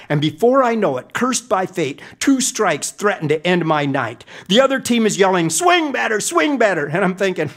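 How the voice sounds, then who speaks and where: A man's voice: high-pitched, a bit bright. A middle-aged man telling a comic story in a grand, mock-epic manner. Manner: mock-epic, dramatic delivery.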